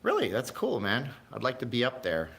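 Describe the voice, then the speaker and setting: A man's voice: medium pitch, huge pitch swings, a little fast, vocal fry, fairly bright tone. A man hosting a casual livestream, chatting in a rambling way, jumping between tangents and talking to his live chat viewers. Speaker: livestream host.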